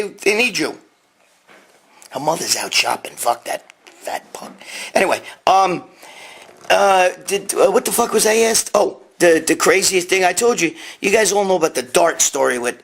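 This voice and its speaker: A man's voice: on the high side, vocal fry. A man hosting a casual live stream, rambling and swearing as he reads out viewer questions on his phone. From New York. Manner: profane, rambling, reads comments aloud. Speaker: host answering viewer questions.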